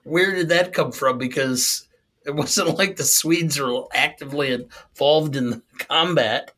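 A man co-hosts a casual movie review chat. His voice sits a little high for a man. He talks in a wry, incredulous way and chuckles between his points. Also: measured pace, fairly bright tone. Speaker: podcast co-host.

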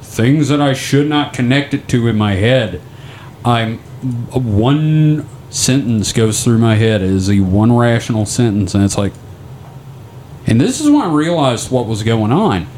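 A man in casual podcast chat, rambling through a long story and swearing freely. His voice sits at an ordinary middle pitch. A faint hiss of noise runs underneath. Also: lively intonation, unhurried, a little mellow. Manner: rambling storyteller, profane, loose and joking. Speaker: podcast co-host.

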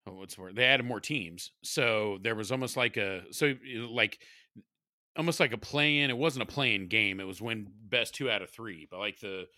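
Profane, rambling man with a bright voice. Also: fairly low pitch, normal speed, dry recording, clean studio sound. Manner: rambling, profane, laughs often. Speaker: podcast co-host. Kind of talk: casual chat.

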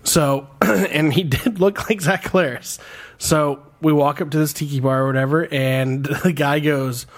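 A man's voice: fairly high pitch, fairly even intonation, unhurried. A man hosting a podcast in casual chat, telling stories with laughter and acted-out quotes. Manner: laughing storyteller, acts out quotes. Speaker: podcast host.

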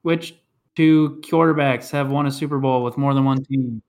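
A man's voice: mid-range voice, fairly even intonation, moderate pace, darkish tone. A man hosting a casual podcast trivia game, reading clues and announcing scores.

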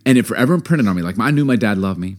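A middle-aged man co-hosting a podcast, telling a story in casual chat, animated and emphatic, laughing often. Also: on the low side, racing. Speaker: podcast co-host.

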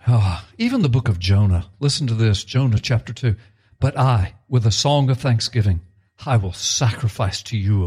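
A middle-aged male pastor teaching excitedly on a talk show, reading scripture aloud with rising emphasis. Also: medium pitch, husky.

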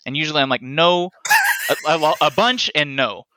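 Male podcast guest, bright and crisp, dry close sound, self-deprecating. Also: on the high side, quick pace, dry recording. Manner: self-deprecating, animated storytelling. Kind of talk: casual chat.

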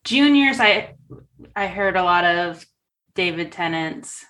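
A woman co-hosting a podcast in casual film talk, relaxed and agreeable. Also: lowish voice, slow pace. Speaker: podcast co-host.

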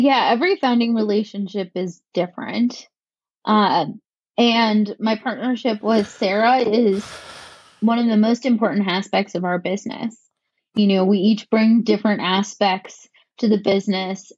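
A woman co-founder answering interview questions in a measured, articulate way, with a touch of dry sarcasm. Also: medium pitch, a little mellow, dry recording, highs cut off. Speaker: company co-founder.

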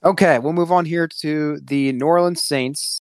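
A young man with a smooth, resonant voice runs a casual sports podcast. He steers the conversation briskly and lists picks plainly, close to a dry mic. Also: fairly high pitch, steady tone, no echo. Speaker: podcast host running the segment.

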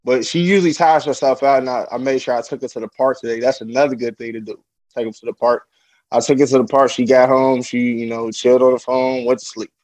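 A man's voice: mid-range voice, fast, no echo, low-quality recording. A young man chatting as a podcast guest about fatherhood, loose and laid-back, laughing often and acting out what people said. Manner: animated storyteller who acts out quotes in a raised voice. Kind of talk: casual interview chat.

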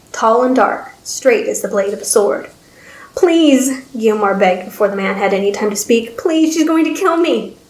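Casting: woman storybook narrator, steady, even reading, mid-pitched voice, roomy echo.

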